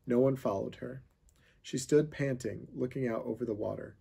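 A man reading a children's chapter book aloud, with steady storytelling narration. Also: mid-range voice, moderate pace, vocal fry, breathy edge. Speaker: reader of a children's novel.

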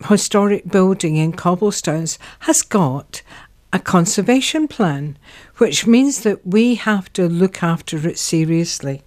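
A woman's voice: lowish voice, a little mellow. A woman hosting a local history show, chatting casually and searching for words with the odd filler. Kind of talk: casual radio-style chat.

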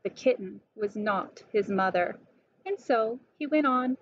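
A woman slowly and deliberately reading a children's picture book aloud. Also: mid-range voice, expressive, a little hiss or hum. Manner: slow, clear and deliberate. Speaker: storybook reader. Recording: dull lo-fi recording.

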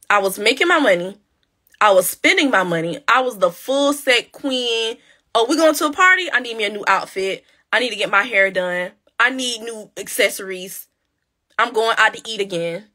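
Bright-voiced woman giving money advice. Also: mid-range voice. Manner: repeats key phrases for emphasis, chatty and direct. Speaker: podcast host. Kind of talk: casual motivational talk.

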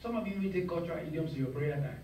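A male pastor preaches with force, calling on the congregation to speak his words back. His voice sits high and rings through a big echoey hall, picked up from some distance, with the crowd audible around him. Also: very fast. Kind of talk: sermon.

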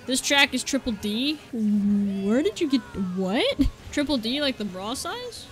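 A woman giving excitable gameplay commentary, yelping and cracking crude jokes. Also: high-pitched, unhurried, few pauses, soft background music. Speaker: gaming YouTuber.

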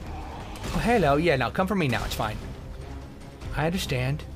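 A young man commentating a video game as he plays, goofy and joking, bursting into shouts. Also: fairly high pitch, animated, moderate pace, music in the background. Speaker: gameplay commentator. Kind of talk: let's play commentary.

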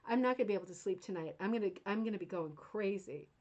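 A woman's voice: medium pitch, animated, fast talker, a little mellow. Chatty, rambling woman host. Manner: chatty and rambling, often asks "right?"; enthusiastic. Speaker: host of a craft club show. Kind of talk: casual teaching chat.

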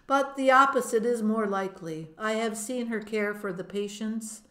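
A woman reading the part of a kindly male hospital doctor in an audiobook, calm and reassuring. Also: fairly high pitch, moderate pace, close to an everyday voice. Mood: earnest. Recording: roomy echo.

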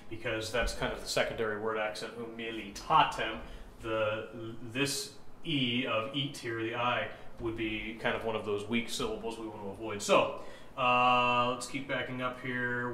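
A man's voice: mid-range voice, fairly even intonation, measured pace, pushed and bright, slight background noise. A man teaching chant rhythm, explaining step by step, counting beats aloud and often checking in with "right?". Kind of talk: instructional explanation with sung examples. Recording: echoey room with faint ambience.

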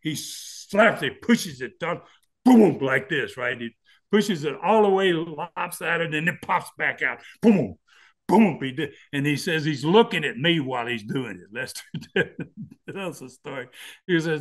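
A man spins long tales in a relaxed chat, often breaking into laughter. He throws himself into the voices of the people in his stories. His voice sits a little high for a man. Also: measured pace. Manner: laughing animated storyteller, acts out voices. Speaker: guest wrestling storyteller. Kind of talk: casual storytelling chat.

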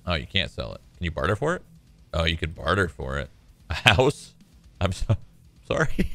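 A man's voice: low-pitched, sing-song, moderate pace, pauses often, pushed and bright, soft background music. A man streaming a shooter game, chatting casually to viewers with a laid-back, joking manner and frequent swearing. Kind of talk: casual gameplay commentary.

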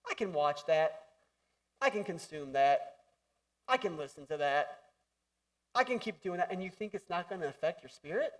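Male pastor, high voice, animated, jokey, preaching in a church hall. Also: normal speed, pauses often, distant mic. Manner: animated, jokey, acts out voices and shouts for emphasis. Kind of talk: sermon.

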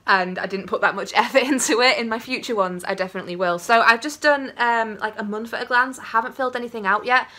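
A young woman chatting casually in a book vlog, gushing and excitable, with many fillers. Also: fairly high pitch, fast talker, few pauses. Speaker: book vlogger.

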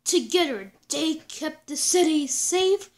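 High voiced woman reading a comic slowly, goofy sound effects, trips on words sometimes. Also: lively intonation, darkish tone, a little hiss or hum. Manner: playful, doing sound effects and funny voices; stumbles and restarts over words. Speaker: reader of a comic book.

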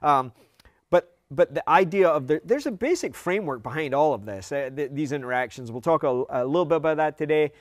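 A man's voice: on the high side, lively intonation, fairly quick, no echo, studio quality. A man co-hosting a casual trade show, joking around with frequent laughs and keeping things moving. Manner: jokey, upbeat, frequent laughs. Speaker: co-host. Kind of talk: casual chat.

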